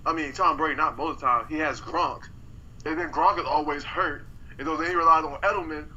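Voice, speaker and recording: A man co-hosting a casual sports podcast, excitable and incredulous, often repeating himself. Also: sits high, muffled recording, slight background noise. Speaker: podcast co-host.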